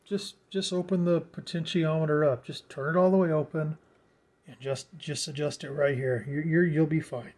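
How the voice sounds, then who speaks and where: Speaking at a moderate pace, a radio hobbyist with a slightly high, steady and somewhat mellow voice walks through his setup at home. His casual how-to wanders, with repeated words and plenty of fillers.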